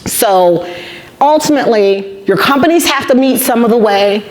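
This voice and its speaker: A woman's voice: fairly high pitch, moderate pace. A woman in her fifties giving a motivational talk to students, telling stories with emphatic repetition and acting out the dialogue. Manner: animated storyteller, acts out quoted dialogue. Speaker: guest speaker.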